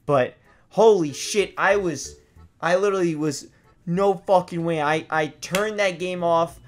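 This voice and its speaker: Animated, swearing young man telling a story. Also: a little slow, faint music behind. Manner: animated, swears freely, acts out his past reactions in loud high outbursts. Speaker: gaming video host. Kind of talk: casual storytelling vlog.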